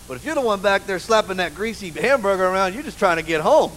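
Brief: high-pitched pastor, animated and funny, live church, faint room noise. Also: male voice, fast talker, low-quality recording. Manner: animated, humorous storytelling with many "you know"s. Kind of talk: sermon.

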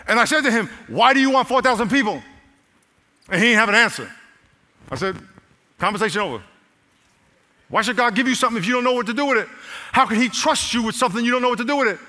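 A male pastor with a high, piercing and very bright voice, preaching from the pulpit. He moves between shouting and quiet, gentle asides. His voice carries a long reverb from a large church hall. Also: expressive, quick pace, long pauses. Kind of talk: preaching a sermon.

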